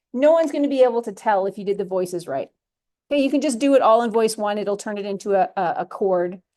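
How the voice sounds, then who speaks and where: A woman music theory instructor talking through a software lesson step by step in a chatty, self-correcting way. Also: medium pitch. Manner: chatty, talks through steps as she clicks, self-correcting. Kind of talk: recorded screen-share lesson.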